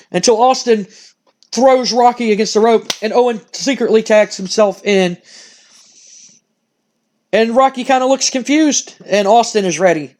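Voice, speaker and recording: A man calling the action of a wrestling simulation game as play-by-play, excitable, repeating phrases and swearing when surprised. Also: sits high. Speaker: gaming channel host.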